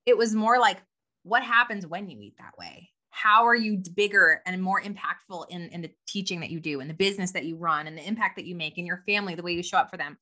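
A woman co-hosting a casual podcast chat, animated and laughing often, with many "like" fillers. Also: on the low side, fast talker. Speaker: podcast co-host.

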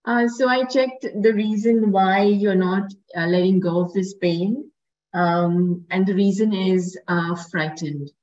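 Calm woman healer, muffled sound. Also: medium pitch, takes it slowly. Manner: calm, gently instructive, with fillers. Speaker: guest healer. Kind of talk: guided healing session.

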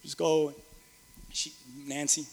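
A middle-aged male pastor preaching with earnest, emphatic force, his voice sitting a little high for a man. He repeats phrases for weight and builds toward loud peaks. The sound carries a long reverb, as in a large hall. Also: monotone, slow pace, vocal fry. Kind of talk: sermon.

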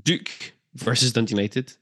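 A man's voice: mid-range voice, moderate pace, a bit bright. Chatty man hosting a podcast. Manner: chatty, jokey, with filler ums. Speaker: podcast co-host. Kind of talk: casual football podcast chat.

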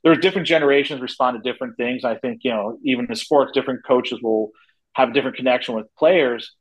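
A man in his forties speaking as a guest in a casual interview. He talks at length, telling stories and restarting his sentences now and then. His voice sits at an ordinary pitch. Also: quick pace, slightly rough, low-quality recording. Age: 40s. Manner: talkative storyteller, frequent restarts. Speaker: guest, head of a wrestling company.

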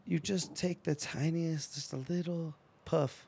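Gravelly, laid-back podcast guy. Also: a little high, fairly even intonation, a little slow, warm tone, a little hiss or hum. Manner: laid-back, profane, rambling. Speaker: podcast co-host. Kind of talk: casual chat.

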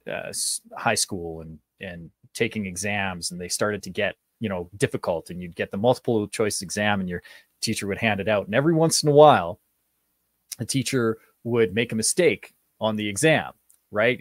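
A man's voice: fairly low pitch, dry recording. A man who coaches public speaking, guest on a radio interview, telling a story in a loose, rambling way with fillers. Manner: storytelling with many fillers and restarts. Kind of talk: casual interview talk.

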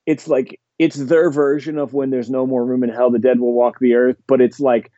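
A man's voice: mid-range voice, flat delivery, moderate pace, warm tone, dry recording, muffled recording. A man in casual chat, rambling enthusiastically with lots of fillers. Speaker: podcast guest.

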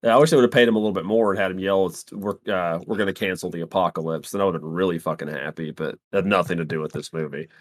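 A man in casual podcast chat, blunt and profane, reacting quickly to his co-host. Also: low voice. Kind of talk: casual movie review chat.

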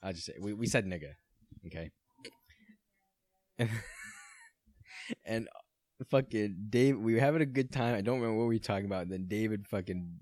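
A man's voice: fairly low pitch, darkish tone, no echo, studio quality. A young man in his twenties co-hosting a podcast, telling stories with lots of laughing and swearing. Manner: laughing, swearing, fast anecdotal storytelling. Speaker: podcast co-host. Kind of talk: casual chat.

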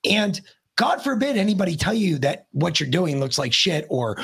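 A man with a deeply husky, raspy voice swings his pitch up and down while he spins a blunt, profane story. He sits as a guest on a podcast and talks in loose, rambling chat. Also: normal speed. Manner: animated, rambling delivery. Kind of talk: casual storytelling.

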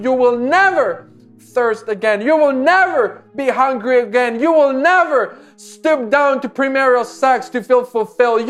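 A man preaching a sermon with an altar call, impassioned and pleading, with repeated phrases. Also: very high-pitched.

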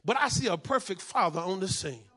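Male pastor, high bright voice, call-and-response preaching. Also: lively intonation, brisk. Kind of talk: sermon.

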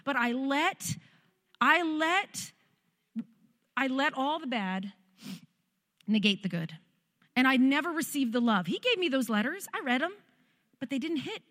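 Heartfelt woman pastor with a higher voice. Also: expressive, measured pace, pauses often, a bit bright, in a large hall. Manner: conversational, heartfelt storytelling. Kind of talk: personal testimony sermon.

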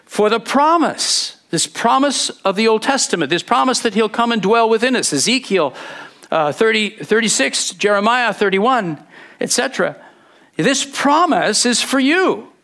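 A man's voice: sits high, expressive, unhurried, fairly bright tone. A man preaching a sermon, earnest and rising to fervent scripture readings.

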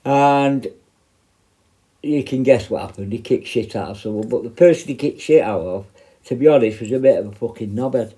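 A man's voice: medium pitch, moderate pace, dark tone. A man with a British accent, a former prison officer, telling a rambling, heavily profane anecdote in a blunt, casual way.

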